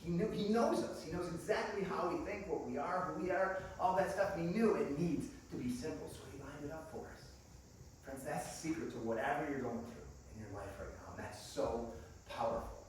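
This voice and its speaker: A man preaches with lively, enthusiastic warmth, laughing and addressing the congregation as friends. His voice sits a bit high. The sound comes from a distance with heavy church-hall echo and a faint hiss behind it. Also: brisk. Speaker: guest preacher. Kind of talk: sermon. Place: church sanctuary. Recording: echoey room picked up from a distance.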